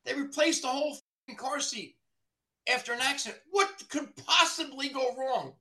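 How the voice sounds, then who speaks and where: Ranting, profane man with a high voice. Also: moderate pace, sharp tone. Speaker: body shop owner, podcast guest. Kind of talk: casual podcast chat.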